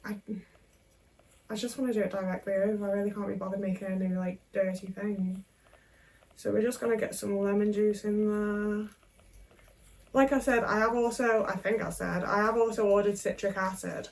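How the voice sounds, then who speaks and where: A woman's voice: medium pitch, steady tone, moderate pace, a little mellow, recorded from a distance, poor audio. A young woman, chatting casually and self-mockingly while she cooks at home, tagging questions onto her sentences. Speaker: vlogger. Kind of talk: casual cooking vlog chat.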